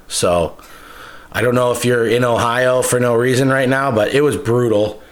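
A man's voice: medium pitch, fairly quick. Young man, podcast host, casual chat, rambling and profane. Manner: loose, profane, rambling storyteller.

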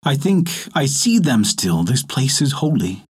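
A man's voice: mid-range voice, big pitch swings, unhurried, slightly rough, heavily acted. A man voicing a dreamy, wistful boy. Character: dreamy younger brother, male, gentle and wistful.

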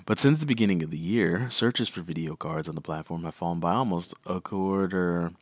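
Deep-voiced man reading crypto headlines. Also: a little fast, no room sound. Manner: reads headlines, then explains loosely with "right?" asides. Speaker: podcast co-host. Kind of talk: casual news read and chat.

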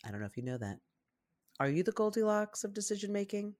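Casting note: wry, calm co-host reading listener posts, mid pitch. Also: quick pace. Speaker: podcast co-host. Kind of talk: casual chat.

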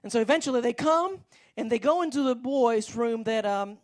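High-voiced woman preaching a sermon. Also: normal speed. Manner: rambling, storytelling with many restarts.

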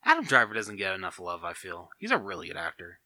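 A man co-hosting a podcast, chatting casually with a jokey, lively manner. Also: deep voice, no room sound. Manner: lively, jokey, quick reactions. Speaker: podcast co-host. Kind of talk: casual chat.

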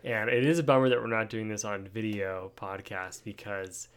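A young man with a lowish voice hosts a podcast in a casual chat. He rambles, circles back on his words, and eggs his guest on. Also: steady tone, normal speed, clear, resonant tone. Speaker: podcast host.

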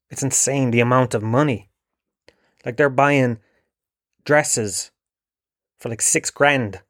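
Irish man, sweary sarcastic comic rant, mid pitch, dry. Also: no room sound. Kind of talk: ranting comedic monologue.

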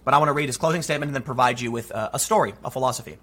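Bright husky-voiced man telling a story. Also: medium pitch, very fast. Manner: animated storytelling, acts out quoted voices. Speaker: commentary channel host. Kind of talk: monologue commentary.

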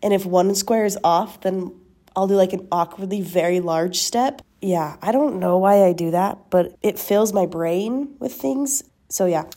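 Rambling young woman with a mellow voice. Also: mid-range voice, unhurried. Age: young adult. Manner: rambling, self-deprecating, laughs often. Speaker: podcast host. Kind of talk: casual chat.

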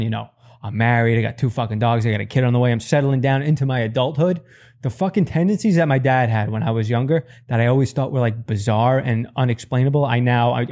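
Man, thirties, stand-up comedy monologue, profane, rambling, voice jumps high for quotes. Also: a little mellow.

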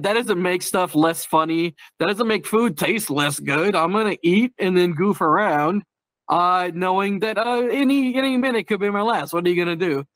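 A man's voice: high voice, fairly bright tone, no echo. A man chatting casually on a podcast, telling stories in a candid, darkly humorous way, often laughing. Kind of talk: casual chat.

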